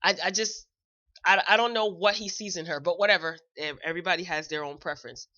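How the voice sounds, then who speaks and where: A woman's voice: lowish voice, steady tone, quick pace, sharp tone, dull audio. A woman hosting a show, giving a chatty, opinionated recap in a casual, blunt way. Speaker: show host reviewing a celebrity video.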